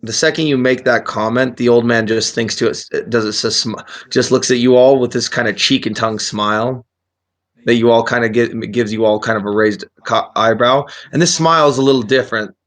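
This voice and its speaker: A man's voice: medium pitch, steady tone, fairly quick, fairly bright tone. A man narrating as game master in a casual, rambling way.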